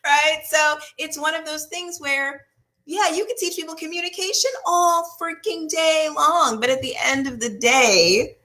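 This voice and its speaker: A woman couples therapist explaining in a casual, animated way, often asking "right?" and acting out what people say. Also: sits high, measured pace. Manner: animated, acts out quotes, often asks "right?".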